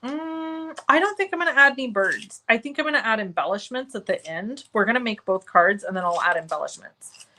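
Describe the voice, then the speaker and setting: A woman leads a live cardmaking lesson in a chatty, easygoing way. Her voice sits at an ordinary middle pitch. She talks through each step as she works and pauses to answer viewers by name, often poking fun at herself. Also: animated, bright, forceful tone, poor audio. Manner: self-deprecating, talks while working. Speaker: crafting stream host.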